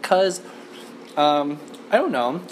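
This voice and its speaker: A Canadian woman hosts a chatty mukbang eating show in an empty restaurant, talking to the camera with plenty of "like" fillers. Her voice is deep and sing-song, she takes it slowly, and there's slight background noise.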